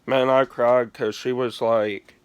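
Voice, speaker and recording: A man's voice: medium pitch, flat delivery, slow pace, clear, resonant tone. A man telling a story in a casual vlog, rambling and swearing freely, leaning on "like" as filler. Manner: rambling, profane, heavy use of "like". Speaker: gaming vlogger.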